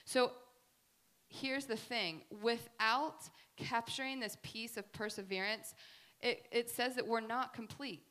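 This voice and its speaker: Woman speaker, faith talk, bright forceful tone, pitched a bit high, lively chatty storytelling. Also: slow. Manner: animated, chatty storytelling with many fillers. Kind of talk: faith talk with personal stories and slides.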